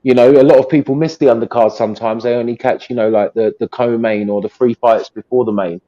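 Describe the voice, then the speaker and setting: A man's voice: medium pitch, fairly even intonation, fast talker, warm tone, muffled recording. A man with an English accent, chatting casually about boxing as a co-host, rambling and friendly. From England. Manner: chatty, rambling, says mate.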